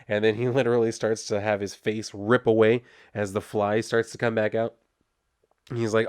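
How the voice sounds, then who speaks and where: A man's voice: lowish voice, little pitch movement, normal speed, darkish tone, smooth, no room sound, studio quality. Casual, rambling male comic reviewer. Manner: rambling, laughs often, many fillers.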